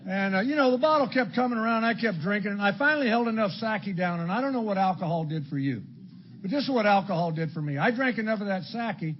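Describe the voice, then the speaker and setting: An older man from Illinois sharing his story at a recovery meeting, blunt and crude, with dark humor. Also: high-pitched, expressive, quick pace. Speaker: AA speaker. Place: meeting hall before an audience. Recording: dull lo-fi talk recording with faint background noise.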